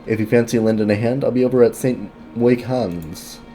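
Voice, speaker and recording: A man's voice: mid-range voice, moderate pace, dark tone, faint music behind, natural voice. A man reading a friendly quest-giver's game dialogue aloud in a plain voice, with small slips.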